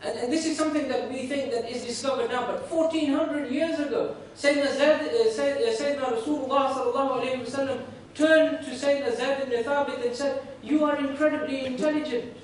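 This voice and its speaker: A man's voice: extremely high pitch, fairly even intonation, a little fast. A man giving a conversational sermon, telling a story and often checking in with "right?", recorded from a distance in a university room. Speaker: religious speaker. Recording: echoey room from far off, faint noise.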